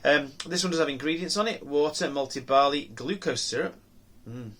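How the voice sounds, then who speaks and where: A man's voice: fairly high pitch, moderate pace, a bit bright. A man reviewing beer on his own channel, talking casually and musing aloud with many ums, restarts and rhetorical questions.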